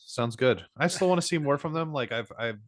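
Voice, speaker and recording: A man with a New Jersey accent talks in a laid-back, casual way as a podcast co-host. His voice sits at a middle pitch. The recording is close and dry. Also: lively intonation, fairly quick, no echo. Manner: laid-back, says "bro". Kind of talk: casual chat.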